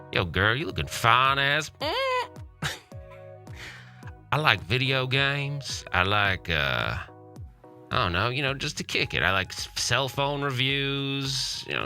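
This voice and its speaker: A man's voice: on the high side, bright, forceful tone. A man putting on an accent to play a cheesy flirting guy who delivers pickup lines on a comedy podcast. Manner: put-on accent, drawling and slow.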